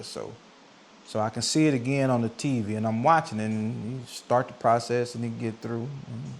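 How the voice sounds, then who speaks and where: A man in his forties telling a personal story in a relaxed sit-down vlog, talking conversationally and getting animated when he acts out what people said. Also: medium pitch, creaky, a little hiss or hum. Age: 40s. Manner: conversational, animated when quoting himself and others. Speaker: vlogger. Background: soft coffeehouse music.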